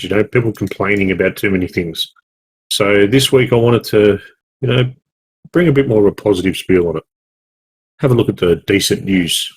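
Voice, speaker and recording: A man's voice: fairly low pitch, slightly rough. An Australian man co-hosting a gaming podcast, chatting casually in a rambling, jokey way with many self-corrections. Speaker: podcast co-host. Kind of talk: casual chat.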